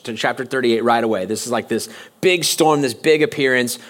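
A male pastor delivers a sermon in a church in a mid-pitched voice. He talks conversationally rather than formally, often halting and restarting his sentences as he works through his thoughts. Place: church sanctuary.

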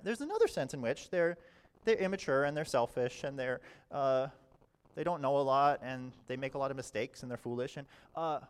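A man preaching a sermon in a conversational way, often saying "all right" and swinging between quiet and loud passages. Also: fairly high pitch. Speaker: pastor.

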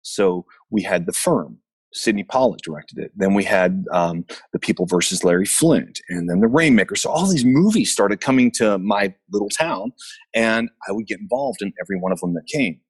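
This guest, a middle-aged actor from Memphis, Tennessee, rambles through his stories easygoingly, with many fillers and restarts, over a remote basement call. His lowish, slightly rough voice is expressive and moves at normal speed.

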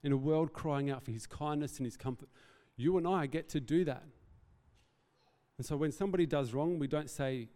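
A man delivers an earnest, conversational sermon, breaking into self-deprecating asides between his points. His voice is warm and mellow. He is heard in a hall with long reverb. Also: a little high, normal speed. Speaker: pastor.

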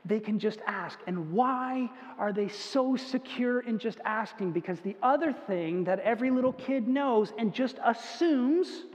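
A man preaching a conversational sermon, acting out whiny children as he goes. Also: high-pitched. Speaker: pastor. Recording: long hall reverb, dull lo-fi sound.

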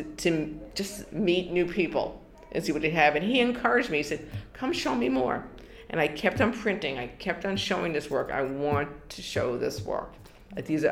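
A woman's voice: lowish voice, a little hiss or hum. An older woman from New York in an oral history interview, telling her story with many restarts and bits of quoted dialogue.

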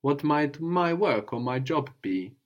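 A male language teacher with a slightly high, animated voice leads a guided lesson at an unhurried pace. He is patient, giving prompts and recaps, and he often checks in with a questioning "no?" at the end of a line.

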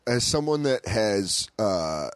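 Male comedian guest, quick riffs and impressions, expressive pitch. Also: dry recording. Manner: laughs often, quick to riff and imitate people shouting. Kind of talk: casual chat.

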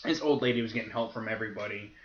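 A man's voice: on the low side, rapid-fire. Profane young man telling stories. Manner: profane, animated storytelling with laughter. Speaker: podcast co-host. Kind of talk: casual storytelling chat. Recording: roomy, dull lo-fi podcast audio.

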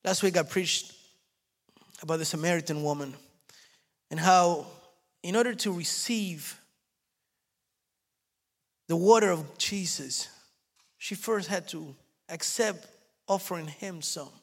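A man's voice: high voice, slow pace, pauses often. A male pastor preaching a sermon, telling stories animatedly and repeating key phrases. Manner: animated storytelling, acts out quotes, repeats phrases.

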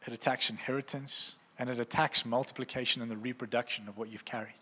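A man's voice: medium pitch, fairly even intonation, fast talker, pushed and bright, slightly rough, long reverb tail. A male preacher giving a conversational sermon who keeps checking in with the congregation. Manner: conversational, asks the crowd often. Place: church hall.

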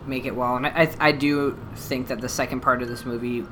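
A man's voice: medium pitch, a little fast, background noise. A man co-hosting a casual podcast, talking through a horror movie review with swearing and plenty of fillers. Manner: animated, swearing, many fillers. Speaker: podcast co-host.

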